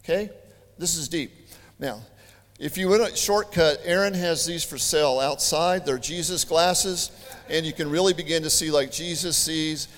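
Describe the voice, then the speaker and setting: A man preaching a sermon, telling stories in an animated, chatty way with joking asides. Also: fairly high pitch, normal speed. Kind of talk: storytelling sermon. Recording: long hall reverb.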